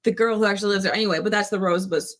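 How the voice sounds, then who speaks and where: A woman's voice: mid-range voice, steady tone, racing. A woman co-hosting a casual live stream, laughing often and telling rambling stories. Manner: giggly, rambling storyteller. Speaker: co-host.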